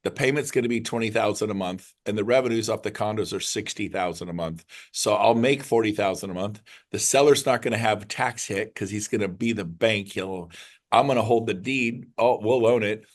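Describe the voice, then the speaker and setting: A middle-aged man, a realtor, giving an excited, rambling motivational talk to his group. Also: on the low side, a little fast. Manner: excited, rambling, jumps between numbers. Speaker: realtor leading a mastermind call.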